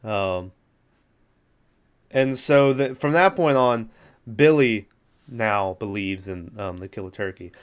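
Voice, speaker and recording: Podcast host, male, smooth clear voice, loose profane plot recap with lots of fillers. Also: lowish voice, expressive, takes it slowly, long pauses. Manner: rambling, profane, amused. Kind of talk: casual movie recap.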